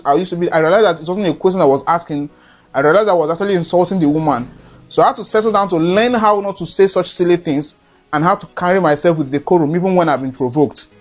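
Earnest Nigerian man giving life advice. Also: high voice. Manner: earnest, lecturing, acts out quoted dialogue. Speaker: motivational speaker. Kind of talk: advice monologue.

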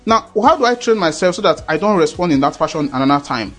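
A man's voice: on the high side, expressive, quick pace, fairly bright tone, soft background music. A man preaching a sermon in an earnest, repetitive way, often checking that listeners understand.

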